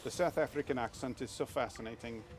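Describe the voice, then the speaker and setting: A man in his thirties chats casually while live-streaming a game, talking fast in a mid-range voice against a noisy background. His commentary rambles, with restarts and frequent swearing.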